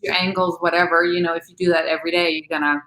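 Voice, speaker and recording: A woman's voice: on the low side, flat delivery, rapid-fire, roomy sound, crowd noise, low-quality recording. A woman, an actress and recording artist, chatting casually as an interview guest, laughing often and talking with many fillers.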